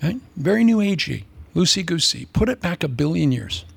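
A man preaching a humorous sermon, sarcastic and animated, slipping into mock voices. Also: on the high side, normal speed, vocal fry, breathy edge.

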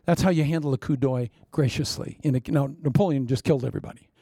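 A man's voice: mid-range voice, quick pace, mellow, no echo, studio quality. An older man preaching as a pastor, telling humorous stories with a jokey, self-mocking manner and acting out quotes. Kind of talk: humorous storytelling sermon.

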